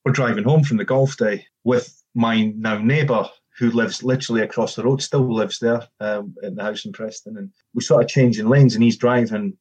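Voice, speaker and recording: A man's voice: fairly low pitch, fairly even intonation, normal speed, hardly any pauses, a little mellow, slightly rough, lo-fi sound. A middle-aged man and former footballer telling a casual anecdote, acting out the quoted dialogue with frequent restarts.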